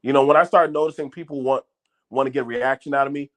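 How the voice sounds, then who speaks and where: The channel host, a middle-aged man, has a fairly high, slightly bright voice and moves at a quick pace. He swears freely and speaks bluntly to viewers without a script, doubling back on words and restarting lines.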